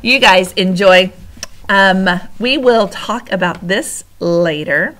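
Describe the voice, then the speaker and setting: A woman reading a children's book aloud, expressive and dropping to whispers for suspense. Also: medium pitch, slow, noisy background. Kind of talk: storybook read-aloud.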